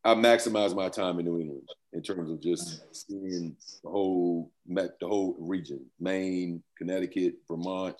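A man's voice: deep voice, fairly even intonation, normal speed, hardly any pauses, darkish tone. A man in his fifties, a former pro football player, talking loosely as an interview guest and laughing often. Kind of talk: casual interview talk.

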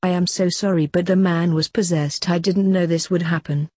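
A woman's voice: lowish voice, fairly even intonation, normal speed, darkish tone, no echo, clean studio sound, lightly acted. A woman reading as a solemn stage medium.

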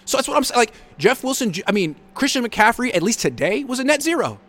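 A man's voice: extremely high pitch, big pitch swings, fast talker, a bit bright. A man hosting a live sports reaction show, reading viewer comments and answering with blunt sarcasm.

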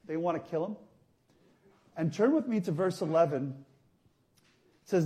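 A male priest giving a conversational sermon, going from soft, quiet asides to loud emphatic passages. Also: a little high, lively intonation, unhurried, long pauses. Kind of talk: sermon teaching.

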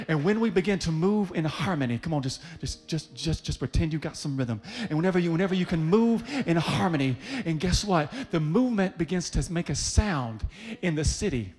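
A man preaching a sermon to a congregation, leading them by name and building to loud, rhythmic climaxes. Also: fairly high pitch, animated, fairly quick, hardly any pauses. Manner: leads the congregation, calling people up by name.

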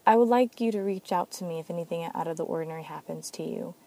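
Aaron is an earnest male officer who speaks with a protective, concerned manner, read by a woman narrator. The tone is warm and mellow. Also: lowish voice, fast talker, natural voice.

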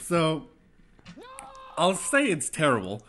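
A man's voice: a little high, wildly swooping pitch, slow, bright, forceful tone. A man in casual chat as a podcast co-host, rambling and chatty. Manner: rambling, chatty, does mocking quoted voices.

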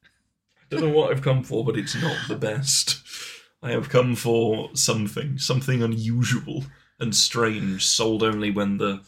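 A man's voice: fairly low pitch, steady tone, unhurried, a bit bright. Playful man bantering on a podcast. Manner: playful, jumps into silly voices and bits. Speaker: podcast co-host. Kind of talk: casual banter.

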